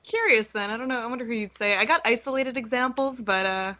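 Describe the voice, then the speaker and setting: Giggly woman with a bright voice. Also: a little high, quick pace, no room sound, muffled recording. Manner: giggly, teasing. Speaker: podcast co-host. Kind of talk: casual panel chat.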